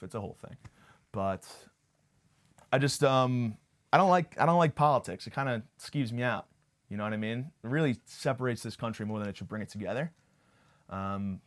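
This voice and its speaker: A young man hosting a podcast, delivering a crude, sarcastic comic monologue full of fillers and tangents. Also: medium pitch. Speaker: podcast host. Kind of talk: comedic monologue.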